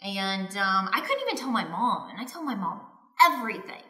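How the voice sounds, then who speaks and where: A woman's voice: mid-range voice, sing-song, brisk, pushed and bright. A young woman telling a candid personal story with her husband, retelling what people said with "she goes" and "I was like.". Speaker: co-host of a couples channel. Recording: echoey room.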